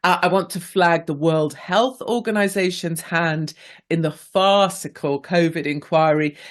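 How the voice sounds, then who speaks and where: Chatty woman hosting talk radio. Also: lowish voice. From England. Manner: chatty, playful, reads listener messages aloud. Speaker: radio show host. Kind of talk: casual talk radio monologue.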